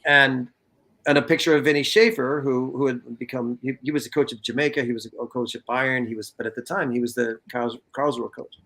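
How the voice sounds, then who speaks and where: A man in his fifties from California, telling stories in a casual interview, animated and profane, acting out what people said. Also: mid-range voice, fairly quick. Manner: animated, profane, acts out quotes. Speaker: guest, former soccer player.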